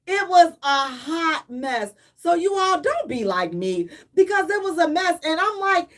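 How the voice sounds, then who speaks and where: A woman's voice: extremely high pitch, big pitch swings, a little slow, a bit bright. A middle-aged woman, co-hosting a radio talk show and dramatically acting out her own panic as she tells a story. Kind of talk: animated storytelling chat.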